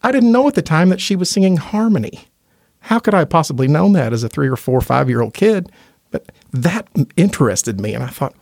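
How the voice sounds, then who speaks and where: A man's voice: on the high side, expressive, brisk, gravelly, darkish tone, no echo, clean studio sound. A man from Indiana, a gospel quartet tenor, telling earnest, chatty stories as a podcast guest and laughing easily. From Indiana, USA. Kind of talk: casual interview storytelling.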